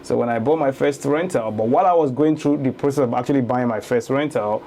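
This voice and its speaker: A man's voice: medium pitch, quick pace, warm tone, slight background noise. A man in his thirties from Lagos with a Nigerian accent, a guest telling his story in a casual interview and laughing easily. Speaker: guest, real estate investor.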